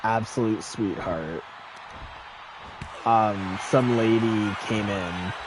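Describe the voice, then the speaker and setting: A man streaming a game, telling stories in a casual, animated way with lots of swearing. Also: lowish voice, extremely slow, noisy background. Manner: animated storytelling, frequent swearing. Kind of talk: casual chat while gaming.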